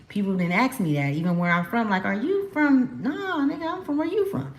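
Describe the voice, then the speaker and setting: A woman from California giving a casual spiritual card reading, talking emphatically to her viewers in a chatty, slangy way. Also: low-pitched. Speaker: tarot card reader. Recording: echoey room.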